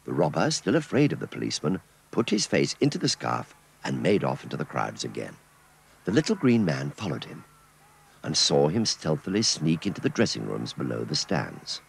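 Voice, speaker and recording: A man narrating a children's cartoon story in an expressive storytelling manner. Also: a bass voice, moderate pace, creaky, a little hiss or hum.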